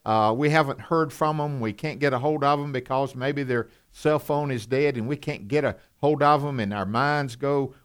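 A man's voice: mid-range voice, normal speed, few pauses, smooth. A man co-hosting a conversational Bible teaching, folksy, asking his listeners questions, with moments of passion. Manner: folksy, asks questions, turns passionate at times.

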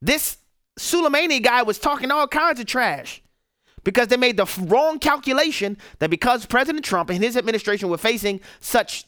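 A man's voice: sits high, a bit bright, smooth, no echo, studio quality. A man hosting a radio talk show, giving emphatic political commentary and firing off rhetorical questions. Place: radio studio.

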